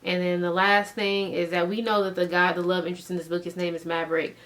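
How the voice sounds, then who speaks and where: A woman in her thirties giving a casual book review vlog, talking in an animated, emphatic way and firing off rhetorical questions. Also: lowish voice, quick pace. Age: 30s.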